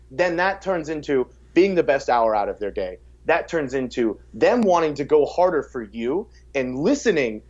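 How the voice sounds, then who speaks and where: A man's voice: on the high side, darkish tone. A man in casual podcast conversation, talking about coaching with energy. He often repeats words as he starts sentences. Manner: acts out quotes in a raised voice. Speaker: fitness coach, podcast guest. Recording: slightly dull podcast audio.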